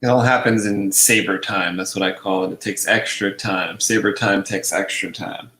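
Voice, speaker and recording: A man's voice: fairly low pitch, steady tone, moderate pace, bright, forceful tone. Laid-back man in an echoey room. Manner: playful, laid-back, coins silly phrases. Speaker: host. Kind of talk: casual chat.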